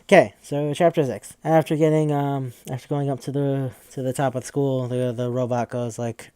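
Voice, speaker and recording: A man's voice: mid-range voice, flat delivery, moderate pace, hardly any pauses, a little mellow, smooth, dry recording. Rambling, profane man with a dry sound. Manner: rambling, profane, with frequent fillers. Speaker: podcast host. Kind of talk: casual game recap.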